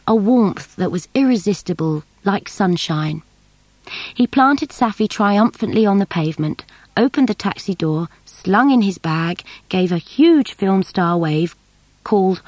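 Female narrator for an audiobook, measured and low; dry recording. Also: darkish tone, no room sound, poor audio. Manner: measured storytelling. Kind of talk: scripted narration.

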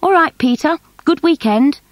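A woman's voice: mid-range voice, lively intonation, measured pace, dry recording, natural voice. Breezy, jovial dad heading off for work, read by a woman; dry and close. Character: cheerful father leaving on a work trip.

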